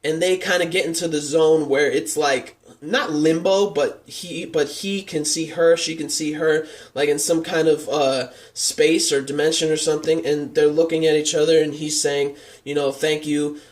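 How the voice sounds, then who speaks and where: A man's voice: fairly high pitch, fairly even intonation, normal speed. A man giving a casual, rambling anime episode review, leaning on fillers and openly moved by what he describes. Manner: rambling, heavy on "like" and "and stuff" fillers.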